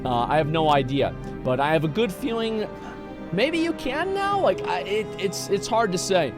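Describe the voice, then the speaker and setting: A man's voice: high voice, sing-song, moderate pace, music in the background. A male streamer giving live reaction commentary, blunt and profane, who stumbles over and repeats words when worked up. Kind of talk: live reaction commentary, reading posts aloud.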